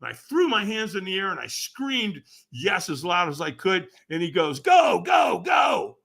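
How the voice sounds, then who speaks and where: Animated male podcast guest telling a story. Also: high voice, moderate pace. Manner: animated, acts out quoted voices with sudden shouts; asks the listener rhetorical questions. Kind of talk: personal storytelling in a podcast interview.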